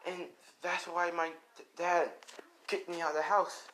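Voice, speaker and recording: A man's voice: high voice, level tone, a little slow, a bit bright, slight background noise, voice pushed up. A man voicing a timid, quirkless young boy who stammers and is eager to become a hero.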